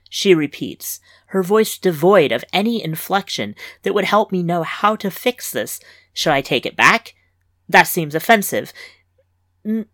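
Slightly low female story reader, wry lively first-person delivery, dry close mic. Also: dry recording. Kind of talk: scripted fiction narration.

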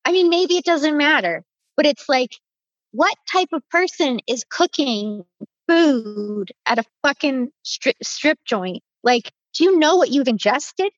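A woman from Canada hosts a loose podcast chat, blunt and quick to curse. Her voice sits a little high, and the recording is dry and slightly muffled. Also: animated, no echo. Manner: blunt, swears freely, quick back-channel replies. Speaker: podcast host. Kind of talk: casual chat.

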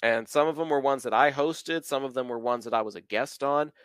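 A man in his thirties from the American South hosts a podcast in a relaxed, talkative way. He lays out ideas at length and leans on plenty of filler words. His voice is mid-pitched and sits close and dry on the mic. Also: brisk, smooth, dry recording. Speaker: podcast host. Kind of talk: casual podcast chat.

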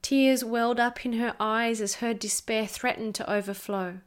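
A woman narrating a storybook in a slow, measured reading. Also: fairly high pitch, fairly even intonation.

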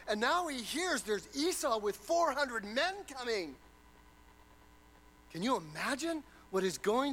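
A man's voice: sits high, a bit bright, a little hiss or hum, poor audio. A man preaching a sermon, retelling a story dramatically and posing rhetorical questions.

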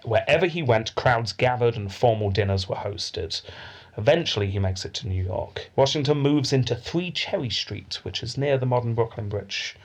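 A man narrating history for a podcast in a loose, chatty way. His voice is husky and a little breathy, sitting at an ordinary middle pitch, and he breaks into easy laughs. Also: lively intonation, normal speed. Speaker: podcast host. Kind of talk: conversational history storytelling.

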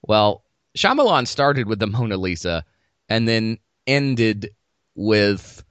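A man's voice: lowish voice, very animated, slow, a bit bright, smooth, dry recording. A man chatting casually and sarcastically about movies, laughing often.

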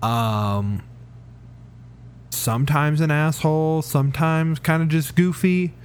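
A man's voice: fairly high pitch, slow, smooth. A man co-hosting a podcast in casual chat, rambling and losing his thread. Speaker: podcast co-host. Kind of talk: casual chat about TV shows.

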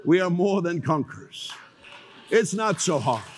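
An older man preaching a sermon as pastor, telling stories with animated acted-out voices. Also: on the high side, a little slow, big-room sound. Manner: animated storytelling, acts out voices.

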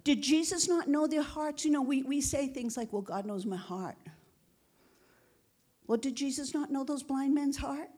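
A woman's voice: high-pitched, fairly even intonation, normal speed, hardly any pauses, mellow. A woman pastor preaching a sermon, emphatic, calling out for amens and dropping to a whisper when quoting. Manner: emphatic preaching with frequent call-outs for amen.

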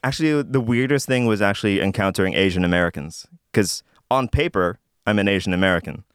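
Male podcast guest, thirties, easygoing storyteller, low and smooth. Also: fast talker, no echo, clean studio sound. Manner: relaxed, laughs often, many restarts. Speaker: podcast guest, stand-up comedian. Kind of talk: casual storytelling chat.

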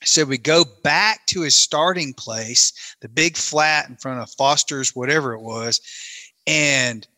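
A man's voice: mid-range voice, unhurried, bright, forceful tone, no room sound. A man, telling a long self-mocking story in casual chat and acting out his own lines. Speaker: camera operator telling a story.

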